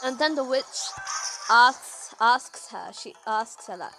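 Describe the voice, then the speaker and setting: A woman with a high, very animated voice talks casually over gameplay. She rambles through stories, full of fillers and sudden exclaims. Soft game music plays underneath. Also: takes it slowly, rough recording. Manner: rambling storytelling with many "like"s; expressive, swings to exclaims. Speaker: gaming channel host.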